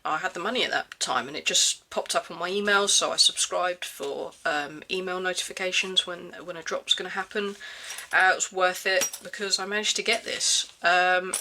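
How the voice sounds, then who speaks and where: Casual gear vlogger, bright and a touch hoarse, halting with lots of ums. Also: medium pitch, steady tone. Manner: hesitant, many ums and restarts. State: slightly hoarse from hay fever. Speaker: everyday-carry gear reviewer. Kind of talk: casual show-and-tell.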